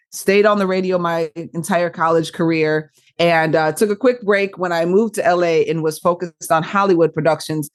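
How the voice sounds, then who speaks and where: A woman radio broadcaster and podcast guest, chatting animatedly and laughing often as she tells stories. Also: deep voice. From Michigan. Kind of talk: casual interview chat.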